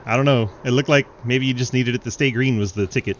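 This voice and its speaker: Excitable young male race commentator. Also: medium pitch, fast talker, a little hiss or hum. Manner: excitable, laughs often, casual banter. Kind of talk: sim racing play-by-play commentary.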